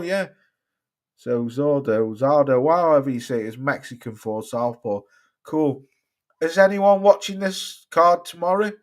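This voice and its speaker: Sweary English man with a Cheshire-Staffordshire accent. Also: on the high side. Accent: mixed Cheshire and Staffordshire English. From Cheshire, England. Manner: rambling and sweary, addresses chatters by name. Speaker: boxing livestream host. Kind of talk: casual live-stream chat reading viewer comments.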